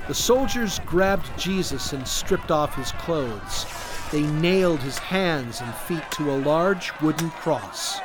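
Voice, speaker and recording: A man narrating a storybook slowly and expressively. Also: a little high. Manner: slow, expressive. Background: background music.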